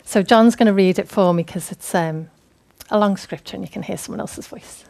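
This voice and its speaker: A woman's voice: mid-range voice, a little fast, vocal fry, a little mellow. A woman giving a conversational, earnest sermon. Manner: conversational, earnest, laughing often. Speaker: preacher.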